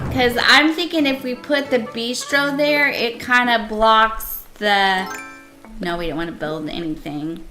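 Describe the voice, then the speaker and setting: A woman streamer chatting slowly with her viewers in a bright, crisp voice pitched a little high. She keeps asking the chat what they think, giddy about her build. Soft music plays faintly behind her. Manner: chatty, asks chat for opinions, giddy and proud. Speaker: game streamer. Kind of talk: casual live-stream chat.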